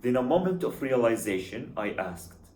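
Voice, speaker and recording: A man's voice: mid-range voice, big pitch swings, normal speed, a little mellow. A man giving scripted voice-over commentary in a wry, sarcastic manner. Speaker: YouTube commentator. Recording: echoey room.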